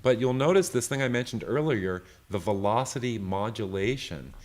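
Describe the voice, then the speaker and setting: A man giving a live online software tutorial, loose and chatty, often checking in with "right?". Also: medium pitch, lively intonation, moderate pace. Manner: loose, full of fillers and restarts. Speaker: software creator teaching a session.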